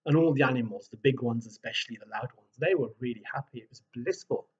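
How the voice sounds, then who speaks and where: A man telling a folk tale to families, animated and asking his listeners questions. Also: medium pitch, quick pace, breathy edge, highs cut off. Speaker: storyteller. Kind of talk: live oral storytelling for families.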